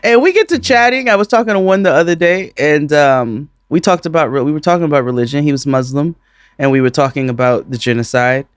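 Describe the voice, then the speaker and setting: A man co-hosting a podcast in casual chat, animated and profane, often breaking into laughter. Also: a little high, fast, clean tone, no room sound, clean studio sound. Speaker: podcast co-host.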